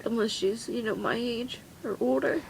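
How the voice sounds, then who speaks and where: A teenage girl crying as she talks in a confessional vlog, her voice breaking and halting. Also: fairly high pitch, gravelly, a little hiss or hum, low-quality recording. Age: teens. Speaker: vlogger.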